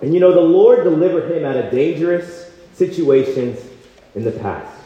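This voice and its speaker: A young man preaches with passion and swings between loud bursts and low, quiet endings. His somewhat high voice rings through a large echoing hall. The sound is a little dull. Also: animated, normal speed, faint music behind. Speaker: campus retreat speaker. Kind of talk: sermon with personal story.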